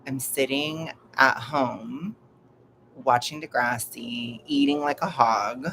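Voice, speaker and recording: Gravelly young man chatting casually. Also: medium pitch, fairly even intonation, slow, sharp tone, slight background noise. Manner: rambling, self-mocking, laughs often. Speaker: vlogger. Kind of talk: casual live-stream chat. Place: at home.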